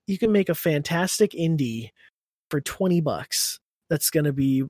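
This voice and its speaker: A man's voice: fairly high pitch, dry recording, clean studio sound. Rambling, laughing young man on a podcast. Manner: rambling, laughing, restarts phrases. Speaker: podcast co-host. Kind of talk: casual chat.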